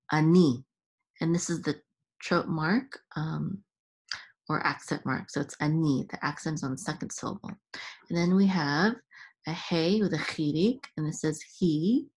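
A woman teaching Hebrew reading in a patient lesson, sounding out syllables slowly and chanting the accent marks. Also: deep voice, breathy edge.

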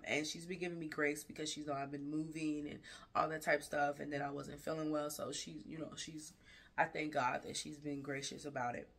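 Low, bright-voiced woman speaking frankly. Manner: earnest, emotional and frank, with repeated restarts. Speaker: fashion vlogger and designer. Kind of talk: candid personal life-update vlog. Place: indoors at night.

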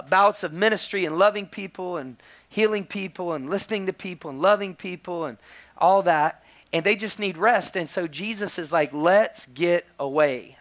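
A man, preaching a sermon as a pastor and telling stories with lively quoted voices. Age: 40s. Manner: animated storytelling, acting out quotes in high voices.

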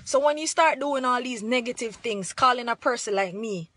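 A woman's voice: a little high, moderate pace, fairly bright tone. A young adult woman from Jamaica with a Jamaican accent, speaking earnestly to the camera and sliding into patois as she urges pride in her country. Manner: earnest, preachy, slides into patois. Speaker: vlogger. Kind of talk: impassioned talk to camera.

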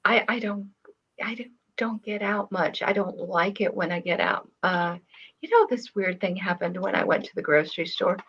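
A woman's voice: medium pitch, moderate pace, fairly bright tone, breathy edge, dull audio. An older woman in casual conversation, telling stories with hesitant restarts and fillers. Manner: rambling, hesitant storyteller. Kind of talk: casual chat.

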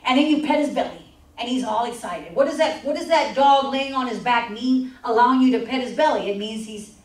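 A woman's voice: on the high side, brisk. A woman pastor teaching a sermon in a church, repeating scripture lines and drawing replies from the congregation. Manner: call-and-response preaching, repeats scripture lines. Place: church sanctuary. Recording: echoey church hall from far off.

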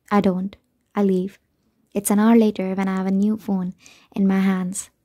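A woman narrating a novel in the first person, in an even, measured reading. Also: medium pitch. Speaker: audiobook narrator.

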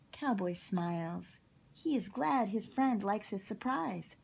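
A mom reading a children's picture book aloud. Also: female voice, mid-range voice, expressive, slow pace, gravelly, darkish tone, slight background noise. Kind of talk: storybook read-aloud.

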